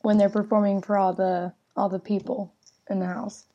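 A woman co-hosting a relaxed conversation. She teases her co-host in a dry, offhand way. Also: medium pitch, moderate pace, highs cut off. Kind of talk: casual chat.

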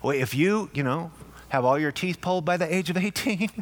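Male pastor, sermon, slightly high voice, casual, repeats words, acts out voices. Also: lively intonation, fairly quick.

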